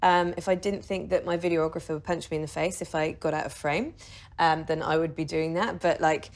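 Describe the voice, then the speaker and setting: A woman's voice: low voice, fairly even intonation, fairly quick. Chatty woman leading meditation. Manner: chatty, laughing, swears casually. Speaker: meditation teacher. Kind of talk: casual guided meditation. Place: video shoot with a videographer.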